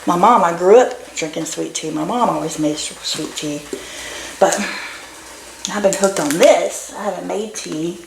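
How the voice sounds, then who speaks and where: A woman's voice: on the low side, normal speed, creaky, slight background noise. A woman vlogging from her home kitchen, rambling and chatting casually to her viewers. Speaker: doll nursery vlogger. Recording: echoey kitchen.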